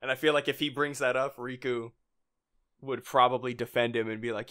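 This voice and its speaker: A man's voice: medium pitch, level tone, a little fast, bright, forceful tone. A man co-hosting a casual fan podcast, rambling through his points with lots of "like" fillers and frequent chuckles. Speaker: podcast co-host.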